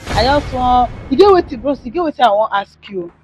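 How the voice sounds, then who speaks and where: A woman with a Nigerian accent in a comedy skit, rambling excitedly with loud outbursts. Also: on the high side, brisk, soft background music.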